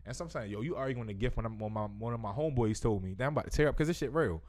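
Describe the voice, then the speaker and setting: Animated ranting man, "yo" after everything. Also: mid-range voice, racing. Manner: animated, says "yo" constantly, self-interrupting. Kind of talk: casual chat, ranting.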